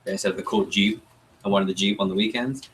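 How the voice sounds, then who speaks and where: A young man running a sales training workshop, coaching a group and acting out customer dialogue in an energetic way. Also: fairly low pitch, fast talker, a little hiss or hum, rough recording. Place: meeting room with group.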